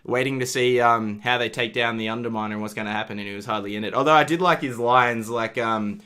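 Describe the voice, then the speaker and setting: A young man co-hosting a casual podcast chat, animated and jokey, laughing often. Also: medium pitch, quick pace, smooth. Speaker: podcast co-host.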